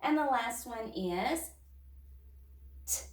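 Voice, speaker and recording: A woman's voice: a little high, expressive, slow, far from the mic. A woman teacher leading young children through a phonics lesson, sounding out words step by step. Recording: echoey room, voice off-mic.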